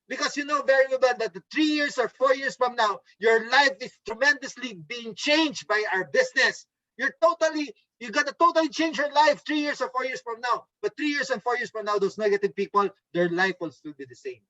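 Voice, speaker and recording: A man's voice: high-pitched, sharp tone, no echo, lo-fi sound. A man giving a motivational training talk over a video call, upbeat and coaxing, often checking in with "okay?". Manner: mimics gloomy voices to make a point. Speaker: network marketing trainer. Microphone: video call microphone.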